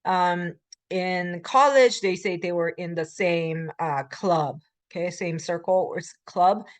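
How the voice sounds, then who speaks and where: A woman with an American English accent giving a recorded grammar lecture as a language instructor. She reads short example sentences quickly, then explains them slowly with many fillers. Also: fairly low pitch, no echo.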